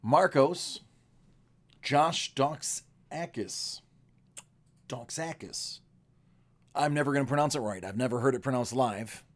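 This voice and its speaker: A man hosting a live card break, chatty and joking, his voice a little rough from screaming, clearing his throat often. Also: medium pitch, unhurried.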